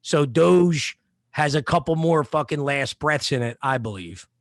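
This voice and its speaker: Guy rambling on a podcast, kinda high voice, dry close sound, swears a lot. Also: a little slow, no room sound. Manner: rambling, profane, laid-back. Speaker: podcast co-host. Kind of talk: casual chat.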